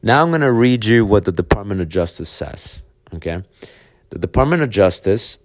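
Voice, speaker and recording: A man's voice: on the low side, animated, moderate pace, dry recording, studio quality. A man, a dog trainer hosting a podcast, talking bluntly and with profanity in a casual monologue, acting out imagined conversations. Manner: blunt, profane, acts out hypothetical dialogue.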